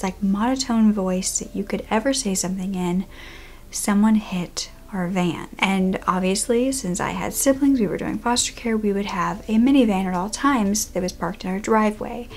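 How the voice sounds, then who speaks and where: A young woman vlogger tells a personal true-crime story straight to camera. Her voice sits at an ordinary middle pitch, and her delivery is chatty and animated, now and then sinking to a hushed whisper for the tense parts. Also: a little hiss or hum. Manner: animated, conversational, drops to a whisper for tense moments. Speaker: YouTuber.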